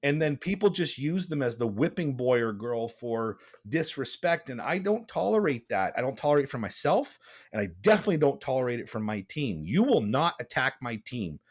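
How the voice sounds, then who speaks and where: A man's voice: medium pitch, sing-song, brisk. A man hosting a podcast, talking bluntly and passionately, rambling with restarts. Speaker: podcast host. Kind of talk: casual podcast chat.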